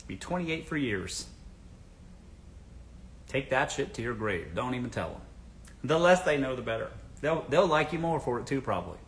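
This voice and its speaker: A man's voice: mid-range voice, expressive, moderate pace, long pauses, slight background noise. A man from the American South hosting a casual livestream, giving blunt dating advice, swearing freely and asking the audience rhetorical questions.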